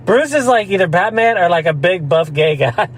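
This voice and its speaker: A man's voice: high voice, expressive, moderate pace, poor audio. Chatty man with a raised voice. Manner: rambling storyteller, laughs often, slips into mock voices. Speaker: podcast co-host. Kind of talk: casual chat.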